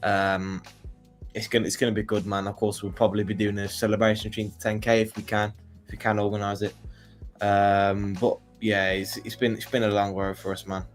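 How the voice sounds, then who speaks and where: A man's voice: lowish voice, level tone, fairly quick, faint music behind. A man co-hosting a casual livestream, hesitant with lots of ums, thanking viewers. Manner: hesitant, many ums, calls people lad. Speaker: livestream co-host.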